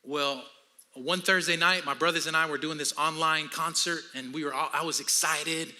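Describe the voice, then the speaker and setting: Man, 50s, pastor; high, very bright, forceful preaching voice with a storytelling streak. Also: steady tone, moderate pace. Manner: storytelling with humor, preaching to a congregation. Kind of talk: sermon.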